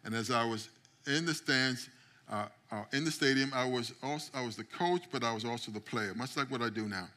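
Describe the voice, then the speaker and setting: A middle-aged man preaching a sermon as pastor, telling stories and acting out quotes, building up to loud climaxes. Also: mid-range voice, fairly quick. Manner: storytelling, acts out quotes, builds to shouting climax.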